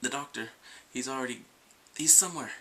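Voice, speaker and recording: A young male video reviewer rambles through a TV episode, going off on tangents, laughing often, and acting out scenes in quoted voices. His medium-pitched voice is brisk, gravelly, bright, and forward, with faint room noise behind him.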